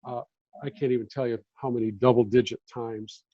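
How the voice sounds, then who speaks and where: A man in his fifties, a former beat reporter, telling animated stories on a podcast and acting out the voices of the people in them. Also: mid-range voice, brisk, dry recording. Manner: animated anecdotes, acts out quoted voices. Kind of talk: casual storytelling chat. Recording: dull lo-fi audio.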